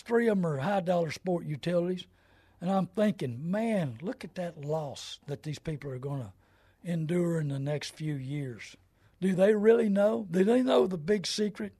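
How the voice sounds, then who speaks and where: A man's voice: high voice, measured pace, a little mellow, slightly rough, no echo. A middle-aged man hosting a radio talk show, folksy and preachy, mixing car-buying advice with scripture and rising into indignant rants.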